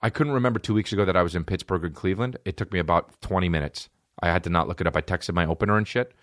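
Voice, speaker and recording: A man's voice: sits low, rapid-fire, fairly bright tone, dry recording. A man hosting a podcast, delivering a rambling, profane, jokey comedic monologue in a studio. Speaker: podcast host.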